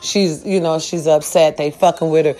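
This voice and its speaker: An older woman giving a loud, sassy, profane pep talk to her followers. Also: deep voice, fairly even intonation, moderate pace. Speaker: vlogger.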